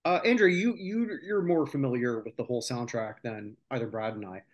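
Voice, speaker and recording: A man's voice: mid-range voice, brisk, lo-fi sound. A man hosting a casual podcast chat, sharing chart research and trivia with his co-hosts. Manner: chatty, shares research and trivia. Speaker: podcast host.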